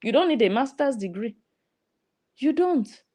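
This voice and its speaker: A woman's voice: high-pitched, lively intonation, unhurried, mellow. A woman with a Nigerian English accent, giving sarcastic, scolding commentary. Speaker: online commentator. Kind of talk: ranting commentary.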